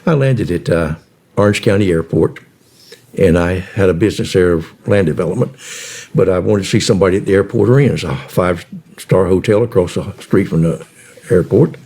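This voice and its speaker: An older man telling a personal story in a rambling way, pausing often on fillers. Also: low voice, dark tone, breathy edge. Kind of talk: casual storytelling.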